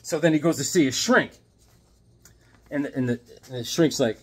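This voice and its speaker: A man in his fifties chatting casually about his comic books, animated and jokey with sudden loud outbursts. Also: on the high side, moderate pace, husky. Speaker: comic book collector. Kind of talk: casual chat showing comics.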